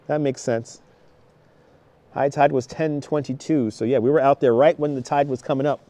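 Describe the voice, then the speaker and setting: A man's voice: mid-range voice, fairly even intonation, normal speed, dark tone, dry recording. A man in his thirties live-streaming outdoors on a snowy beach, chatting with viewers, greeting them by name and laughing often. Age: 30s. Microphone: wireless clip-on mic.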